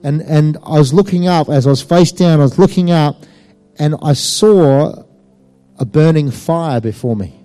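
Man, testimony storytelling, mellow tone, faint music behind. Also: fairly high pitch, measured pace. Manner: animated and emphatic, with many fillers. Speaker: speaker giving a personal testimony.

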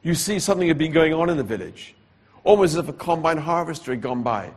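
A man with a husky, slightly rough voice tells his personal testimony from the pulpit. He talks slowly and deliberately, letting pauses carry the weight of the story. A frequent cough interrupts him. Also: a little high, lively intonation. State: coughing repeatedly. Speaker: preacher giving his testimony.

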